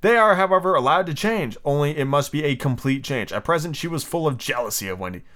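Lively man reading a storybook aloud. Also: fairly high pitch, fast. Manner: lively reading with slips, asides and page numbers. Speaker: podcast host reading a novel aloud. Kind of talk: casual storybook read-aloud.

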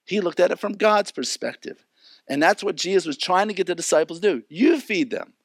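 Animated man preaching. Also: a little high, a little fast, no echo. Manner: animated, acts out characters. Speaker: pastor. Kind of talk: sermon.

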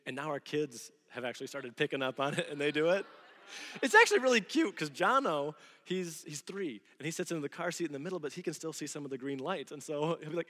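Male pastor, 30s, fairly high voice, lively sermon storyteller, reverberant church. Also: brisk. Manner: animated storytelling, acting out quoted voices. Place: church sanctuary. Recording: long hall reverb.

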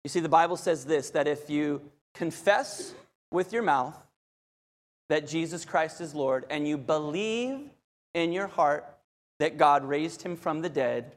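Speaking a little slowly in a fairly high, fairly bright voice, a man preaches with an animated story. He often repeats phrases and turns straight to his listeners, and the sound echoes with long hall reverb.

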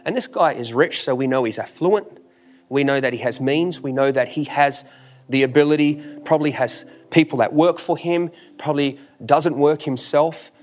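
A man's voice: a little high, moderate pace, darkish tone. A man preaching a sermon with an emphatic, repetitive cadence, full of rhetorical questions and casual phrasing. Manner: informal, drops into "ain't". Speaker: pastor.

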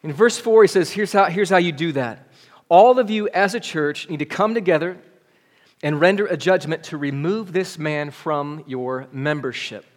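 A man's voice: a little high, moderate pace. A man preaching a sermon as pastor, conversational and often asking the congregation "right?". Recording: long reverb of a church hall.

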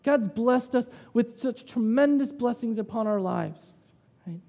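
A man's voice: very high-pitched, measured pace, creaky, mellow, big-room sound. A man preaching a sermon in a conversational way, telling personal stories and tagging lines with "right?".

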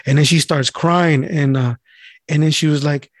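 A man tells a story in loose, casual chat, cursing often and jumping into the voices of the people he describes. His voice sits a little high. It is recorded close and dry, with no room sound. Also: fairly even intonation, normal speed, no echo. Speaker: mail carrier telling a story.

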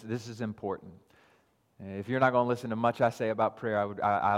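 A man preaching a sermon as pastor, teaching calmly and then building to raised, insistent emphasis, often repeating and restarting phrases for weight. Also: lowish voice. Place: church sanctuary. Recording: long hall reverb.

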